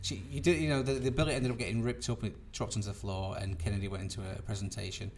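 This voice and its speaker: A man's voice: lowish voice, little pitch movement, fast talker. A man, a magician, rambling through an anecdote in casual chat, full of fillers and trailing off. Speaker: magician, podcast co-host.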